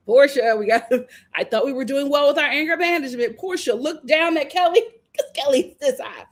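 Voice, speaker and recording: Animated woman hosting a live recap. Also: high voice, fairly quick. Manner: animated, acts out cast members' lines, laughs often. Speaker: reality TV recap host. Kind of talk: live casual review chat.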